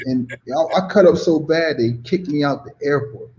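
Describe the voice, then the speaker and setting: A man from the United States tells a story casually, full of slang and "you know what I mean." His voice is dark and mellow. The audio is dull and lo-fi. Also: on the high side, fairly quick, hardly any pauses. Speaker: guest.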